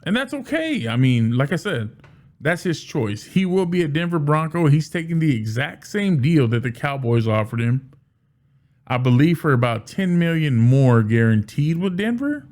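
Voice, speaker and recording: A man giving casual solo commentary as a sports fan, animated, often restarting and repeating words. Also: on the high side, moderate pace.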